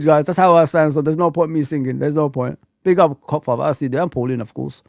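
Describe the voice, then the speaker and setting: A man hosting a casual livestream chat, talking in an animated, rambling, slangy way. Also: on the high side, brisk, vocal fry, hardly any pauses, no echo, studio quality. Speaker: host.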